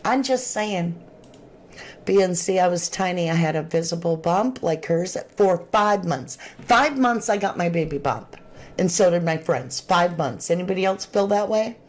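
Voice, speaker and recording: A woman's voice: lowish voice, normal speed. A woman hosting a true crime livestream, chatting casually and reading viewer comments aloud. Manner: chatty, animated, Southern-tinged slang.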